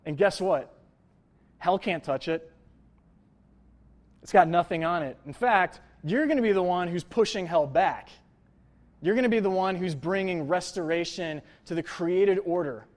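A young male pastor gives a relaxed sermon in a slightly high voice. He talks loosely and jokes, with plenty of "like" and "uh" as he goes. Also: a little slow, pauses often. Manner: conversational, jokey, lots of fillers like "like" and "uh". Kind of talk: casual sermon.

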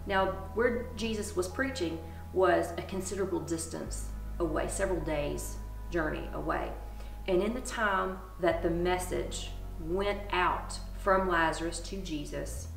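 A woman preaches in a very low, gravelly voice. She sounds distant in an echoey space, and clear music plays behind her. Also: unhurried. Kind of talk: sermon.

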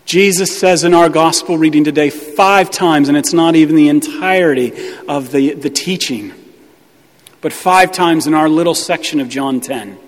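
A man's voice: on the high side, moderate pace, in a large hall. A male pastor preaching a sermon with emphatic, hammering repetition.

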